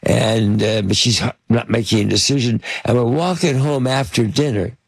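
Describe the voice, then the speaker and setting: A man's voice: medium pitch, moderate pace, creaky, slightly rough, no room sound. An older man, a film producer, telling rambling anecdotes in an interview with many fillers and restarts. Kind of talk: casual anecdotal storytelling.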